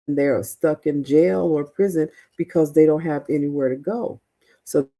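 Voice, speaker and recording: A middle-aged woman talks loosely to her livestream viewers. Her voice sits low and warm, and she takes her time, trailing off into fillers and restarting her thoughts. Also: slightly rough. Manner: chatty, rambling, many fillers and restarts. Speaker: livestream host, veteran housing mentor. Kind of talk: casual livestream chat reading viewer comments.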